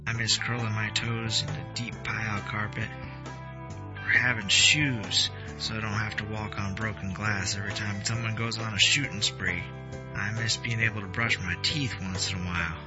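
Brief: low male reader, wry and dry, lo-fi sound with clear guitar music under him. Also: steady tone, moderate pace. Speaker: story contributor. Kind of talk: reading a short story aloud.

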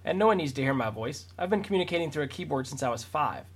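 A man reading his own first-person story in a quick, dry manner. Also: fairly high pitch, lively intonation, husky. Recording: voice distant from the mic.

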